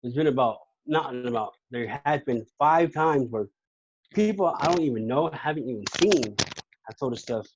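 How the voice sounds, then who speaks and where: A man's voice: mid-range voice, lively intonation, moderate pace. Podcast guest, male, rambling faith testimony full of restarts, slightly dull recording with faint hiss. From California. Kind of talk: casual testimony.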